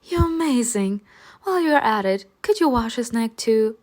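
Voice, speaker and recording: A woman's voice: on the high side, expressive, normal speed, pitched above the performer's own voice, lightly acted. A woman voicing a cheerful young female dragon keeper in a game story, with a breezy, sing-song way of asking favors.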